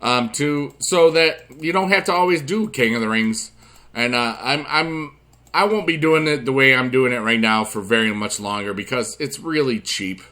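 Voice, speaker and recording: A man hosting a gaming channel, rambling through casual gameplay commentary and talking straight to his viewers with friendly advice, drifting from quiet asides to loud excited bursts. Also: mid-range voice, moderate pace. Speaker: YouTube gaming channel host.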